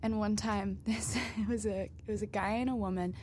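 A woman's voice: mid-range voice, normal speed, a little hiss or hum. A young woman in her twenties chatting casually and animatedly telling work stories. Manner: animated storytelling, acts out angry customers. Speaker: podcast host. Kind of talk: casual chat.

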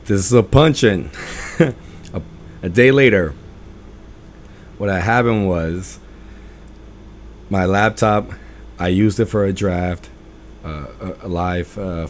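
A man hosting a podcast, telling personal stories in a loud, emphatic, rambling way. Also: low voice, takes it slowly, long pauses, slight background noise. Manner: rambling with restarts and fillers. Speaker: podcast host. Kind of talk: casual personal storytelling monologue.

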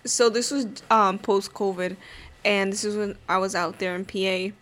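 A woman's voice: medium pitch, steady tone, normal speed, a bit bright. A woman chatting casually as a podcast guest, telling a story with lots of fillers and swearing. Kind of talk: casual chat.

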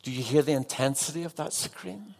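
A man's voice: a little high, a little fast, vocal fry. A man preaching an evening sermon as a pastor, earnest and putting direct questions to his congregation.

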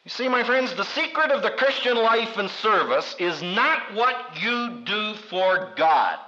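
A man preaching a sermon with a bright, high voice that swings widely in pitch. He leans into drama, acts out the voices he quotes, and drops humorous asides. The recording sounds dull and lo-fi. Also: sing-song, unhurried.

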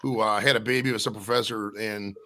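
A man hosting a casual podcast chat, firing off animated questions. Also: on the low side, heavy background noise. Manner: asks rapid questions, animated. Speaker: podcast host.

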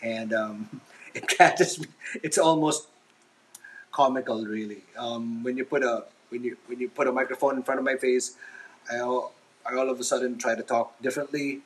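A man's voice: medium pitch, fairly even intonation, moderate pace, slight background noise, low-quality recording. A man hosting a casual solo podcast from his kitchen while he washes dishes, talking hesitantly and self-consciously with many ums and restarts. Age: adult father. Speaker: podcast host. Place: home kitchen, washing dishes.

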